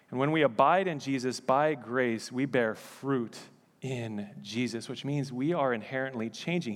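Man preaching in a reverberant hall. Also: medium pitch. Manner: conversational, with joking asides. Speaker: pastor. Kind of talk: sermon. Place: church sanctuary.

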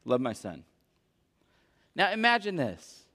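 A man's voice: a little high, wildly swooping pitch, takes it slowly, pushed and bright. A young adult man preaching a sermon as a pastor, earnest and emphatic. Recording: echoey hall.

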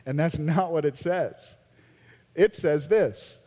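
An American man preaching a sermon as a pastor, animated, swinging between loud emphasis and quiet intensity. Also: on the high side, slow pace. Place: large church sanctuary. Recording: long church reverb.

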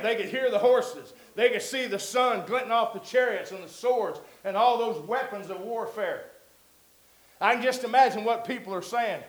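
High-voiced preacher in an echoey hall. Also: male voice. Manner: conversational preaching that builds to loud emphatic peaks. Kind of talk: sermon.

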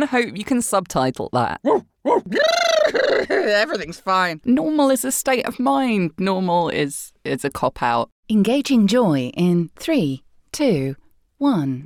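A woman with a slightly husky voice, chatting casually and sardonically while playing a game, full of swearing and quick jokes. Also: medium pitch, dry recording, studio quality. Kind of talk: casual gaming chat.

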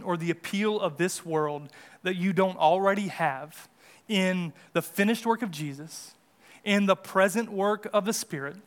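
Pastor, male, higher-pitched voice, earnest sermon delivery that builds for emphasis. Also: fairly bright tone. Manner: earnest preaching, rises in pitch and volume for emphasis.

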